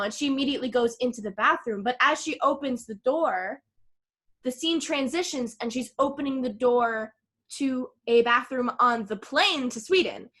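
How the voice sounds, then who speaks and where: A woman co-hosting a casual podcast, retelling a film and acting out its lines with animated swings in her voice. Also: high-pitched, moderate pace. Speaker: podcast co-host.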